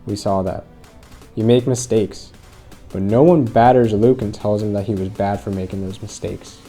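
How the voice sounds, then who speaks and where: Earnest man with a very dark voice. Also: fairly low pitch, fairly even intonation, normal speed, soft background music. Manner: earnest, storytelling, addresses viewers directly. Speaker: host. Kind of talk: motivational commentary.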